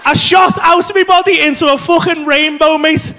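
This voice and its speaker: A man doing stand-up comedy, telling a story in a loud, animated way, full of swearing. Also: extremely high pitch, normal speed, a faint crowd, slight background noise. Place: comedy club stage.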